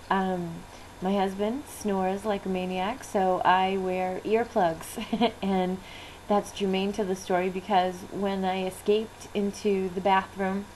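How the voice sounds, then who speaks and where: A woman in her thirties, a business coach, telling a candid personal story with fillers and soft laughs, near tears as she talks. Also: fairly low pitch, a little hiss or hum, poor audio. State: close to tears.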